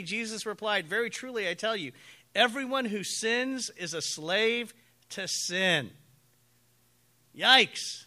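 A man preaching a sermon as pastor, telling stories with animated acted-out quotes. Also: sits high, slow. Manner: animated storytelling, acts out quoted voices.

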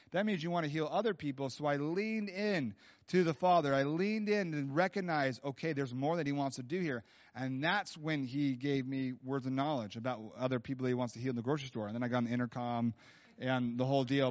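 A man preaching at a church, telling stories in a casual, animated way with many fillers. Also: a little high. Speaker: guest preacher. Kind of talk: storytelling sermon. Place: church hall. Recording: dull lo-fi sound.

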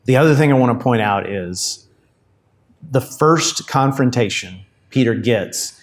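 Conversational pastor preaching. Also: male voice, mid-range voice, animated, unhurried. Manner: conversational, explains with asides. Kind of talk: sermon.

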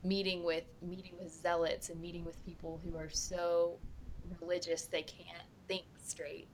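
A woman's voice: fairly low pitch, little pitch movement, unhurried, slight background noise. A woman playing a tabletop game, arguing impassionedly in character. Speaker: player. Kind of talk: in-character tabletop role-play.

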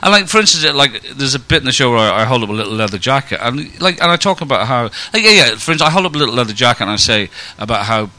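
A man's voice: medium pitch, very animated, racing, hardly any pauses, sharp tone. A middle-aged male comedian chatting as a guest, rambling through stories with dry, sarcastic asides. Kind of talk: casual chat. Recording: live podcast at a comedy festival.

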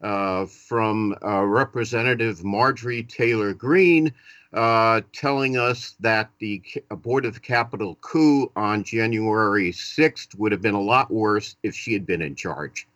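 A man's voice: lowish voice, a little slow, fairly bright tone, no echo. Boston-accented male radio talk host. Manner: chatty, self-deprecating, many "uh" fillers. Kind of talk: live talk radio hosting.

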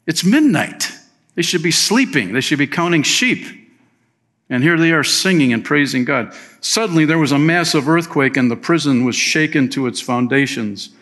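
A man preaching a sermon as pastor, telling a story in a relaxed, conversational way with chatty asides. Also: medium pitch. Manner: slips into playful voices for quoted people.

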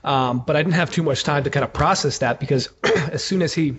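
A man's voice: a little high, brisk, a crowd in the background. A man telling a candid story as an interview guest, casual and profane, with many fillers. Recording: muffled with clear background noise.

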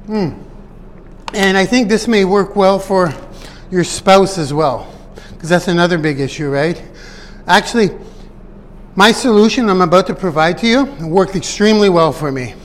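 Chatty motivational man, high voice. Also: big-room sound. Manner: chatty, digressive, laughs at his own stories. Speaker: online business coach. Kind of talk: casual motivational talk to viewers.

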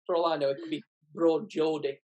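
A woman hosting a casual podcast chat, quick with jokes and upbeat. Her voice has a slightly husky edge. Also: low voice, level tone, mellow, lo-fi sound. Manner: jokey, upbeat. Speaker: podcast host.

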